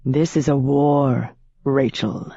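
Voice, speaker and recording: Woman narrator doing a calculating young elf tycoon, low-voiced, clipped and insistent, in an audiobook. The sound is dry and a little dull, with no room around it. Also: steady tone, takes it slowly, warm tone, slightly rough, no echo, exaggerated voice. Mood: hard. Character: polished young male elf businessman, cold and calculating. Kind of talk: audiobook character voice.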